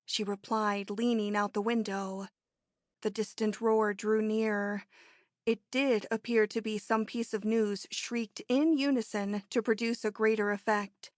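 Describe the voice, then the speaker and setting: A woman reads an audiobook in a measured, even storytelling style, delivering scripted narration. Her pitch is medium, and the recording is dry and studio quality.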